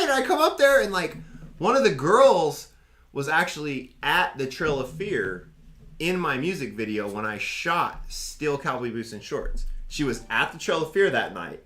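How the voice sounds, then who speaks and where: Guy from oklahoma hosting a chill talk show, kinda high bright voice, swings up and down a lot telling stories. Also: normal speed. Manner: animated storytelling, slangy. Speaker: host. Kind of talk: casual podcast chat.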